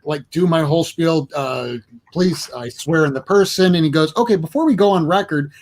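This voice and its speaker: A man's voice: fairly high pitch, moderate pace, darkish tone. A man telling stories in casual chat. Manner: storytelling, swearing, acting out quotes. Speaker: host.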